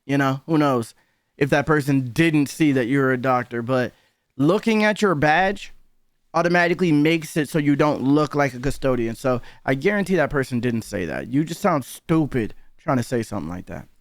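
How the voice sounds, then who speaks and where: A man's voice: medium pitch, animated, moderate pace, no room sound. A man giving casual reaction commentary, heated and profane, openly disbelieving what he hears.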